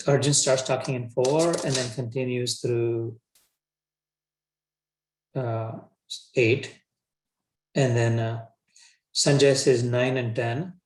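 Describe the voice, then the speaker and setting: Male teacher, mid pitch, chatty lecture style with restarts, echoey room. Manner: casual, colloquial, frequent restarts. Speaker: scripture teacher. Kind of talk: conversational scripture lecture. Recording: roomy echo.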